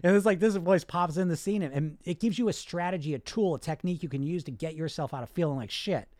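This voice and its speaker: A man's voice: on the high side, fast, a little mellow, no echo. A man coaching on weight loss in a live podcast monologue, blunt and profane, acting out the inner voices he talks about.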